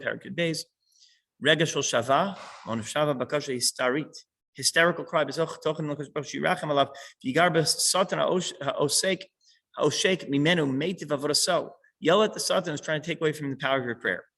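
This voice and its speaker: A man's voice: mid-range voice, creaky, fairly bright tone, low-quality recording. A man teaching a small class who reads a line of text and then patiently unpacks it.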